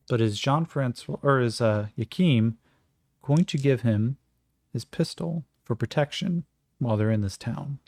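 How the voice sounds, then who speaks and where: A man narrates a solo tabletop game, casually thinking aloud between rolls. His gravelly, mid-pitched voice is recorded close and dry. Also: a little mellow, no room sound.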